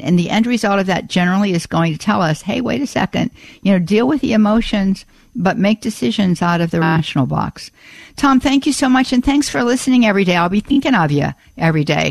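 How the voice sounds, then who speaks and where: A woman's voice: medium pitch, creaky, dry recording. A woman hosting a Catholic call-in radio show, effusive and full of praise, with frequent restarts and repeated words.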